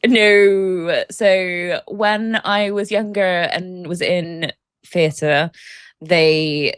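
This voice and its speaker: A woman's voice: on the low side, very slow, smooth, dry recording. A woman with an English accent, chatting dryly as a podcast producer and laughing easily. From Britain. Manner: dry, deadpan, laughs easily. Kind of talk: casual podcast chat.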